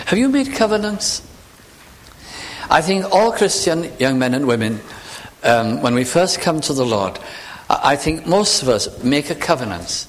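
Male preacher, earnest, lively intonation, lingers on scripture. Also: fairly high pitch. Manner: earnest, reads scripture slowly with emphasis. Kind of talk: sermon.

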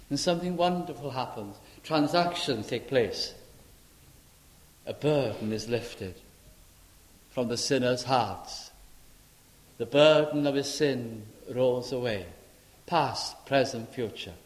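Man preaching slow, goes loud then real quiet, roomy hall echo. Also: medium pitch. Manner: dramatic dialogue between believer and the Lord, swinging from loud to hushed. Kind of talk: sermon. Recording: echoey hall.

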